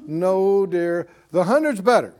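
A male preacher delivering a broadcast sermon. His voice sits high and moves all over the place. He rises into emphatic near-shouts and then drops back down to reason with the listener. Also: unhurried. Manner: animated, rising to emphatic shouts.

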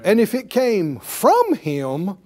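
An animated male preacher with a high, lively voice that swings up and down. He delivers his sermon in a slow, deliberate pace, emphatic and folksy, repeating his key words with a ready chuckle. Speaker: Bible teacher.

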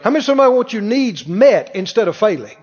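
High-voiced preacher man in an echoing hall. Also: big pitch swings, quick pace, a little mellow, husky. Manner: emphatic, asks rhetorical questions and calls the congregation to repeat after him. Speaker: pastor. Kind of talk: sermon. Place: church hall with congregation. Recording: dull reverberant church recording.

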